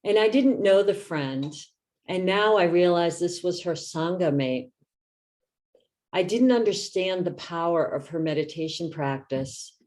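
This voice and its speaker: A woman in her fifties, a meditation teacher, giving a reflective talk in a gentle, soft-spoken way. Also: lowish voice.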